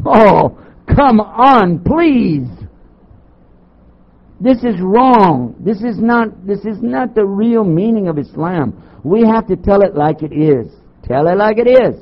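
An older man from Texas, a Muslim chaplain, preaching to an audience with sarcastic, animated storytelling and rhetorical questions. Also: high-pitched, gravelly. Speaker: Muslim chaplain giving a talk. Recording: dull lo-fi tape recording.

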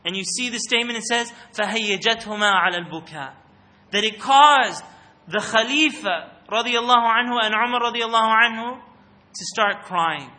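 A man's voice: very high voice, moderate pace, pushed and bright. A man giving a religious talk into a microphone to a live audience, often putting questions to the listeners and calling on them. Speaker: speaker giving an Islamic talk.

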